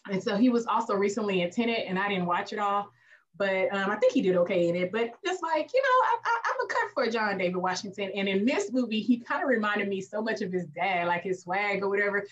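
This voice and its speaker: A woman's voice: mid-range voice, fast, far from the mic. This is a woman co-hosting a casual film review chat. She talks in a mid-range voice and keeps acting out scenes from the movie, often laughing as she goes. The recording is somewhat dull and lo-fi. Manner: animated, acts out movie lines, laughs often. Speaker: podcast co-host.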